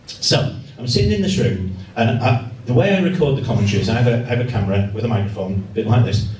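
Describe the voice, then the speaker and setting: A man's voice: medium pitch, quick pace, slight background noise. A man, a journalist, telling self-mocking humorous stories as a guest speaker to a laughing audience in a hall. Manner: lively storytelling, self-mocking. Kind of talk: humorous after-dinner talk. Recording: roomy hall heard from a distance.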